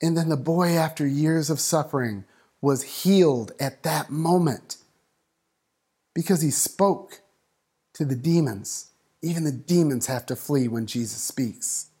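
A man preaching a sermon, building up and dropping to a hush, acting out voices in the story. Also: a little high, a little slow, breathy edge. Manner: dynamic preaching, swings from loud to hushed. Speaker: pastor.

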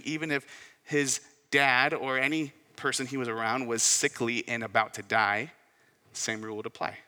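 Bright-voiced preacher in an echoing hall. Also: male voice, medium pitch. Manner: conversational, asks the listeners rhetorical questions. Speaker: pastor. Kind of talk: sermon. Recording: long hall reverb.

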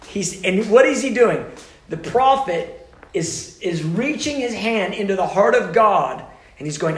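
A man preaching a teaching sermon, his fairly high voice rising into urgent, loud pleas and then dropping to near-whispered intimacy. The passion runs through every phrase. His voice carries with a noticeable room echo. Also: expressive, unhurried. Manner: passionate, swings from loud urgent pleading to hushed intimate tones.

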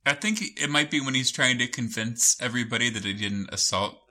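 A man's voice: medium pitch, fairly quick. A man co-hosting a podcast, chatting casually about a TV show with frequent laughter. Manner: amused, laughing often, animated. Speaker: podcast co-host. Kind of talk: casual chat recapping a TV show.

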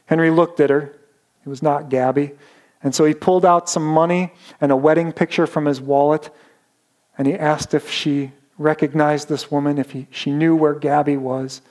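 Slightly high-voiced male preacher. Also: fairly even intonation, darkish tone. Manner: dramatic storytelling with slowed emphasis. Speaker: pastor. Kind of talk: sermon storytelling.

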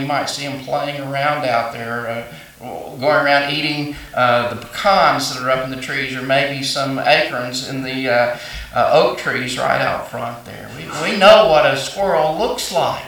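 A man's voice: medium pitch, a bit bright. A male pastor preaching a sermon, folksy storytelling with fillers and restarts. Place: church sanctuary. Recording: echoey church hall, mic at a distance.

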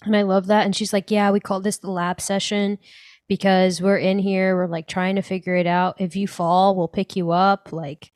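A woman's voice: medium pitch, little pitch movement, normal speed, a little mellow, no room sound, clean studio sound. A young woman co-hosting a podcast, chatting casually and filling her talk with "like". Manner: chatty, lots of "like" fillers. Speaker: podcast co-host. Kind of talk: casual chat.

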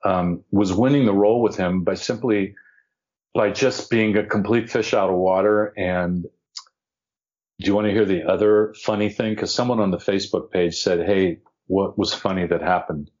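An older man, an actor and podcast guest, telling an animated, self-deprecating anecdote and acting out the voices of people he quotes. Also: low voice, moderate pace. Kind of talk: anecdotal storytelling. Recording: dull lo-fi audio.

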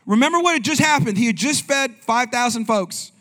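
A man with a notably high voice preaches in a loose, talky way, firing questions at the congregation and bouncing between jokes and scripture. He sounds like a young adult pastor speaking from the pulpit. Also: lively intonation, fairly quick, sharp tone. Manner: conversational, asks the congregation questions. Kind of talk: sermon.

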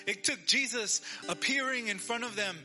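A man's voice: very high-pitched, moderate pace, sharp tone, soft background music. A man preaching a sermon as pastor, telling a story and acting out the quoted lines, asking listeners to repeat after him. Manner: asks the audience to repeat.

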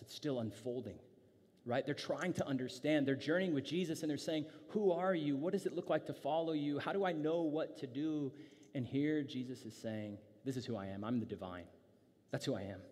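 Man preaching, conversational, loose restarts, mid-pitched voice, long hall echo. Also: darkish tone. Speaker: pastor. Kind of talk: sermon.

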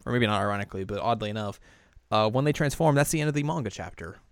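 A man co-hosting a podcast, recapping an episode in a casual, animated way with frequent laughs. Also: lowish voice, racing, clear, resonant tone, dry recording, studio quality. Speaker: podcast co-host.

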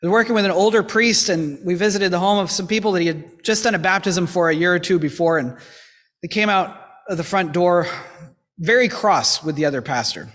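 Male pastor, high voice, earnest exhortation in a sermon, long church reverb. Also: a little fast, fairly bright tone. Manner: earnest, exhorting, with lightly humorous asides. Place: church sanctuary.

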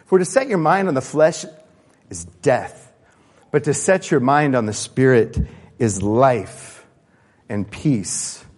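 A man preaching a sermon in a church, animated and acting out the voices of the people he quotes. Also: medium pitch, slow pace, long pauses. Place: church sanctuary. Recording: long church-hall reverb.

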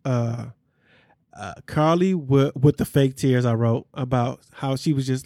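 A man's voice: medium pitch, measured pace, mellow, no room sound, clean studio sound. A man hosting a podcast, recapping reality TV in a candid, slangy way with asides to his listeners. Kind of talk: casual chat.

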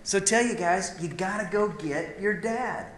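A man preaching a sermon, telling a personal story with emotion that swells and drops to near a hush. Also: sits high, a little slow, echoey room, slight background noise. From Idaho, USA. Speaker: speaker at a men's gathering.

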